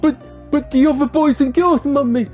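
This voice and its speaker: A man voicing a shy, nervous little boy in a high, whiny squeal. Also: fairly even intonation, normal speed, a little mellow, faint music behind. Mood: whiny pleading.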